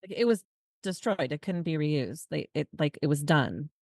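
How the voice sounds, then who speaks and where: A woman with a low voice talks casually on a podcast and tells a story with lively asides. The recording is dry and close. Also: no room sound. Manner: animated storytelling, quick asides. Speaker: podcast co-host. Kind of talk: casual conversation.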